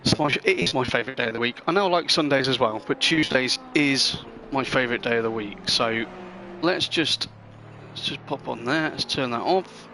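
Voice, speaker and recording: A man with a medium-pitched, sharp-toned voice hosts a sim racing live stream at normal speed, with slight background noise. He chats casually and rambles, trading friendly banter with his viewers in live commentary.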